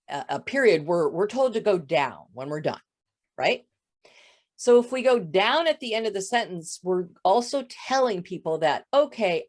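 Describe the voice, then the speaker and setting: Female vocal coach guest, lowish voice with light fry, explanatory. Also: darkish tone. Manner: explanatory, demonstrates voice faults. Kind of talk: interview answers.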